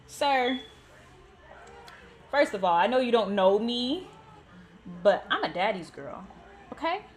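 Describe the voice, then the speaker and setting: A woman in her thirties hosting a gaming channel, telling a story in a blunt, animated way and swearing freely. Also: fairly high pitch, slow, pauses often. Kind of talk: casual storytime chat.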